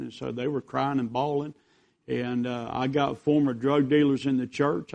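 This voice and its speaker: A man's voice: medium pitch, creaky, darkish tone. A man preaching a revival sermon as a visiting preacher, telling stories in a folksy, rambling way.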